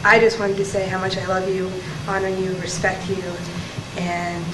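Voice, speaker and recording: Flat-voiced woman, echoey noisy recording. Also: medium pitch, moderate pace, far from the mic. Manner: soft, unprepared, hesitant. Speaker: family member. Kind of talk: personal video message. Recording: echoey room with background noise.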